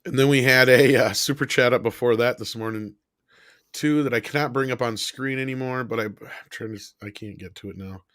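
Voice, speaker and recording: A man's voice: mid-range voice, brisk, a bit bright, dry recording. Wry guy cohosting a stream, swears a lot, super dry close sound. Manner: wry, swears casually, reads viewer messages. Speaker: co-host. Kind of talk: casual livestream chat.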